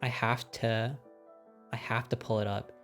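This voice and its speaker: Deep-voiced woman streamer gushing and cursing, lots of laughs, faint music behind. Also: unhurried. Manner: excitable, swears a lot, laughs often. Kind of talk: casual stream chat, ranking films.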